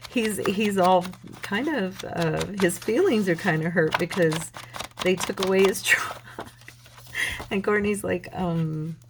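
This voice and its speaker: A woman's voice: on the low side, slow, background noise. A woman hosting a crafting video, telling a rambling story in casual chat as she works. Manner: rambling, chatty storytelling with many restarts. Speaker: crafting channel host.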